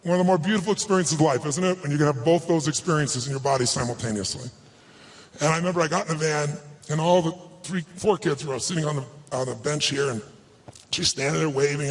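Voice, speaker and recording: A man giving a live motivational talk to an audience, telling a personal story in an emphatic, earnest way. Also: on the high side. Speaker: motivational speaker.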